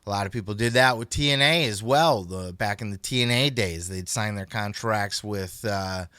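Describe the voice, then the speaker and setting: A man's voice: fairly low pitch, moderate pace, dry recording, clean studio sound. A man hosting a podcast in casual, rambling chat that is peppered with swearing. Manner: profane, rambling, animated. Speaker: podcast host.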